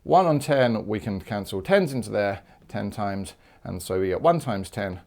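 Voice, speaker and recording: A man's voice: fairly low pitch, expressive, moderate pace, creaky, darkish tone. Man from the UK, maths teacher, upbeat and chatty, jokey asides. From United Kingdom. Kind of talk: video maths lesson.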